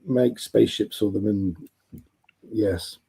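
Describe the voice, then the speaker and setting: Chatty male co-host, mellow and a bit husky. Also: lowish voice, slow pace, rough recording. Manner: chatty, laughs often, jumps in with asides. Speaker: moderator. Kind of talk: casual chat.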